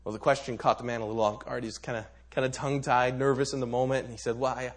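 Husky-voiced man telling a parable. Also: mid-range voice, level tone, fast. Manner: dramatic storytelling with stammered restarts. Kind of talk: sermon storytelling.

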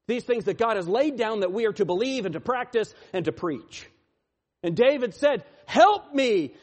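A man preaching a sermon, swinging from loud, pleading lines to hushed, quiet ones. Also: high-pitched. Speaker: pastor.

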